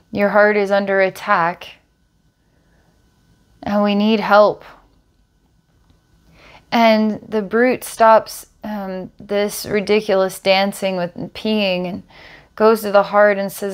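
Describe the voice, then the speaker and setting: A woman working as a psychic healer, calmly describing visions during a guided healing session. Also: medium pitch, slow pace, clean tone. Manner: calm, descriptive, storytelling visions.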